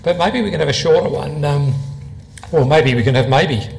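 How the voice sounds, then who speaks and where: A man's voice: on the high side, moderate pace, gravelly, a little hiss or hum, poor audio. A man interviewing a poet on stage before an audience, talking in a conversational, meandering way. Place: live event before an audience.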